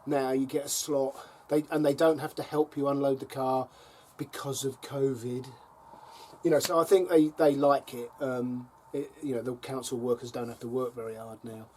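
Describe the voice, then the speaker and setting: A man's voice: medium pitch, fairly even intonation, moderate pace, a little mellow, slight background noise. A middle-aged man chatting casually to camera on his allotment, telling wry stories and chuckling between them. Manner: wry, chuckling storyteller with dry jabs. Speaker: allotment vlogger. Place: allotment plot by a fire.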